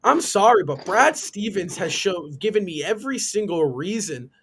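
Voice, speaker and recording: A man's voice: high voice, big pitch swings, moderate pace, fairly bright tone, a little hiss or hum. A man on a live sports talk stream, ranting emphatically with indignant rhetorical questions. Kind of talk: heated sports opinion rant. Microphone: live stream call.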